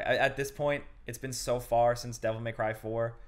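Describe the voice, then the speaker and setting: A man's voice: mid-range voice, fairly even intonation, moderate pace. A man hosting a casual chat about video games, talking loosely and swearing freely. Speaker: gaming show host.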